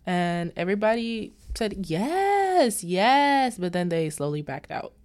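A woman's voice: fairly low pitch, normal speed, clear, resonant tone. A woman casually retelling a movie's plot as a recap host, acting out the characters' lines as she goes. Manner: animated retelling with quoted dialogue.

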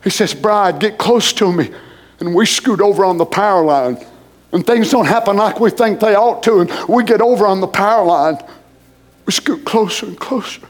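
Preacher guy, kinda high voice, fervent, goes from murmured prayer to shouting out. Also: normal speed. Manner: fervent, swings between soft murmured prayer and loud high exclamations. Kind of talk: emotional sermon and prayer.

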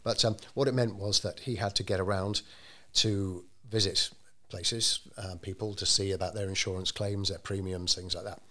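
A man telling a story in an interview, measured and unhurried, with frequent ums and restarts. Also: low voice, fairly even intonation, sharp tone. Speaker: interviewee telling local history. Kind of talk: conversational storytelling.

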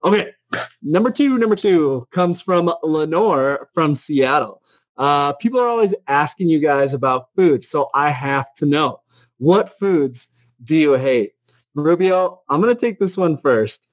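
A man's voice: on the high side, lively intonation, measured pace, dry recording, poor audio. A man co-hosting a casual chat, reading out listener questions in an upbeat, chatty way. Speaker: podcast co-host.

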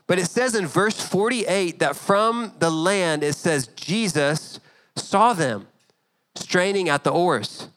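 A man's voice: high-pitched, sharp tone. A man in his thirties preaching a sermon as pastor, talking conversationally and acting out little scenes with asides to the congregation.

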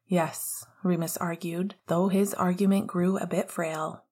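A woman narrates an audiobook chapter in a hushed, breathy voice that sits on the low side. Her reading stays soft and often drops near a whisper. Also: flat delivery, normal speed. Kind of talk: audiobook narration of fan fiction.

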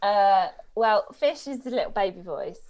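A woman co-hosting a podcast, chatting in a relaxed, hesitant way. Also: medium pitch, normal speed, highs cut off. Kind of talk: casual chat.

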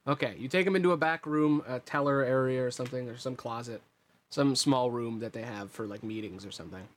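A man running a tabletop game as game master, describing scenes in a relaxed, rambling way. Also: mid-range voice, fairly quick, slight background noise.

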